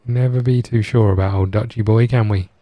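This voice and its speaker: A man's voice: fairly low pitch, fairly even intonation, fairly quick, muffled recording. A man casually commenting on a game he is streaming, chatty and joking as he rambles along. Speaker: gaming streamer.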